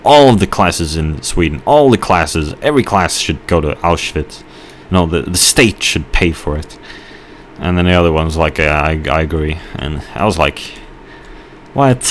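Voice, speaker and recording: A man giving rambling let's play commentary, telling a halting story with mock outrage while he plays. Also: sits low, a little hiss or hum. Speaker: gamer.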